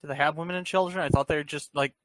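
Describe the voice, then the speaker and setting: Man making deadpan quips. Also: fairly high pitch, very fast, no echo. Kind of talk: casual chat.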